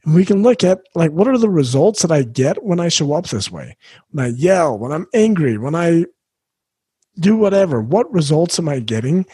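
A man's voice: fairly high pitch, sing-song, moderate pace, mellow, slightly rough, no room sound. A middle-aged man hosting a solo parenting podcast, talking earnestly and reflectively as he coaches the listener.

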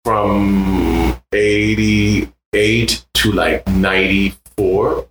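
A man in his sixties from Puerto Rico with a Puerto Rican accent, a guest musician telling animated stories in a casual interview. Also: very slow. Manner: animated, acts out other people's voices in high tones. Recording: roomy with faint background noise.

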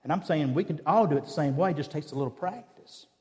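A man's voice: on the high side, fast talker, a little mellow. Man preaching in a reverberant hall. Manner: conversational storytelling, acts out dialogue. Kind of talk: sermon with personal stories. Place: church.

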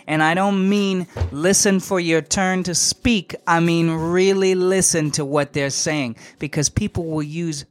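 A young man hosting a podcast, telling a story in a casual, animated and slangy way, emphatic and full of asides. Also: on the high side, measured pace, few pauses. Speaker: podcast host.

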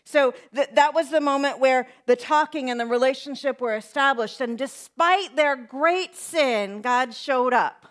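A woman pastor giving a conversational sermon, acting out quoted prayers and dropping to soft, quiet lines. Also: sits high, moderate pace, hardly any pauses. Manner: conversational preaching, acts out quoted prayers, drops to soft near-whispers.

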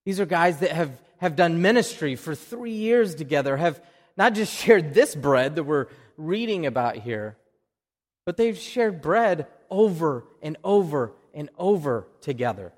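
Conversational Oklahoma-accented pastor preaching. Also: male voice, a little high, sing-song, a little slow, long reverb tail. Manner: conversational, repeats words when restarting. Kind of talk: sermon. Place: church.

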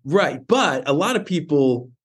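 A man's voice: fairly high pitch, sing-song, measured pace, husky. A man hosting an interview podcast, telling a personal story in a casual way with many restarts. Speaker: podcast host.

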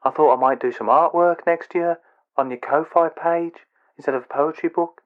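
A man's voice: a little high, moderate pace, pitched above the performer's own voice. A man voicing an awkward, eager male fan who talks earnestly and hesitantly over a phone line.

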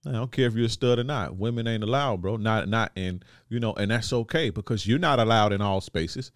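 Podcast host, male, low voice, blunt street slang, keeps checking the listener follows, dry close sound. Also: fairly quick, no room sound. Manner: blunt, repeats "you see what I'm saying"; slangy, profane. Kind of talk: casual monologue to listeners.

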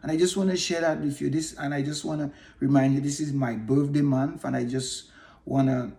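A man in his fifties hosting his own podcast, giving an earnest, repetitive motivational talk with halting restarts. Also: a little high, fairly even intonation, creaky, dark tone. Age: 50s. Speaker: podcast host. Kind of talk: motivational monologue. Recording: echoey room.

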